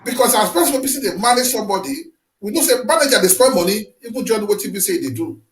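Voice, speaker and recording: A man with a Nigerian Pidgin accent hosting an interview, asking drawn-out, animated questions. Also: high-pitched, reverberant, low-quality recording. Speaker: host.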